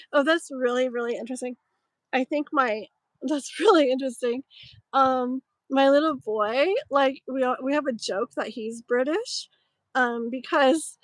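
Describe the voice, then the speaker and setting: A woman's voice: a little high, no room sound, low-quality recording. A woman in her thirties chatting casually while doing live tarot readings, rambling with lots of fillers and a slightly strained voice. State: voice strained, clearing throat. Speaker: tarot reader streaming live. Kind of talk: casual live-stream chat.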